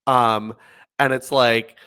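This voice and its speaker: A man's voice: medium pitch, fairly even intonation, takes it slowly, sharp tone, smooth. A man co-hosting a podcast in casual chat, laughing often and filling gaps with ums. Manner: chatty, laughs often, many fillers. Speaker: podcast co-host.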